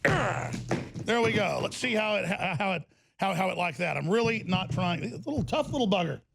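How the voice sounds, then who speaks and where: A man's voice: high voice, animated, moderate pace, gravelly, background noise. A middle-aged man hosting a talk radio show, ranting with energy and tripping over his own restarts in the studio. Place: broadcast studio.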